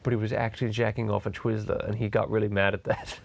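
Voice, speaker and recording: A man's voice: fairly low pitch, flat delivery, fast, vocal fry. A man voicing a foul-mouthed, rambling cartoon baby boy in an improvised parody monologue full of crude tangents.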